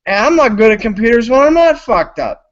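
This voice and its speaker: A man's voice: very high voice, big pitch swings, brisk, slight background noise. An intoxicated man hosting a live stream, rambling loosely and swearing constantly. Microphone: computer mic on a live stream. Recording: lo-fi online stream audio.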